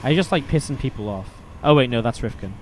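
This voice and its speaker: Man, game caster, casual stream chat, rambling, swears a lot, filler-heavy, medium pitch, desk mic. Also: lively intonation, quick pace, slight background noise. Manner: rambling and chatty, swears freely, many "like" fillers.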